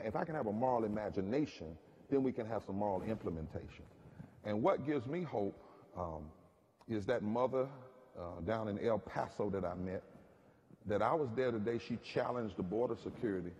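A man's voice: on the low side, darkish tone, a little hiss or hum. A man with a Southern US accent, speaking as a pastor on a panel, telling stories in a rhythmic preacherly way that builds to emphatic peaks. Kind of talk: preacherly storytelling. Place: large chapel hall. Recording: long hall reverb.

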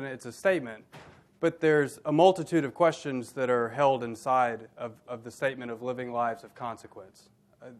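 A middle-aged man, a minister, hosting a university dialogue event. He gives a formal, measured introduction with a touch of dry humor. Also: a little high.

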